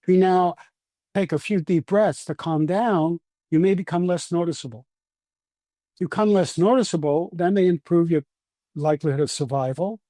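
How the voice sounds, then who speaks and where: A man's voice: a little high, dark tone, dry recording, clean studio sound. A man with a Brooklyn accent, a scientist guest patiently explaining things in an interview, often restarting his sentences. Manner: patient, lecturing, with frequent restarts.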